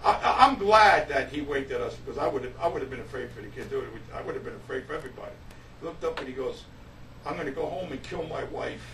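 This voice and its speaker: A man, a musician, telling a casual anecdote in an animated way, stumbling and repeating himself. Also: medium pitch, fast. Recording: roomy, distant, faint hiss.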